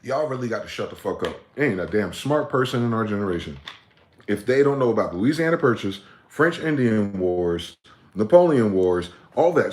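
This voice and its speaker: A man hosting a livestream, ranting with profanity, repeating words in chains and breaking into sudden high-pitched shouts. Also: lively intonation, normal speed. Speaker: livestream host. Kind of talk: livestream monologue.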